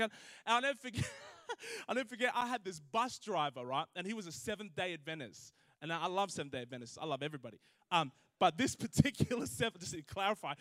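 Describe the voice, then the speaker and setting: A young man preaches, telling stories with lively energy and acting out the people in them. His voice sits high and bright. The recording is close and dry, with no room sound. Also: no echo. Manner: animated, laughing asides, acts out quoted voices. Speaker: pastor. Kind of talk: sermon with storytelling.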